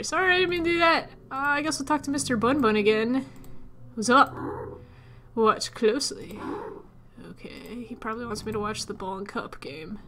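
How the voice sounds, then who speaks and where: Bright-voiced woman narrating a puzzle game. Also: on the high side. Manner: chatty, talks to viewers, mutters to herself. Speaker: let's player. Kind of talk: casual gameplay commentary.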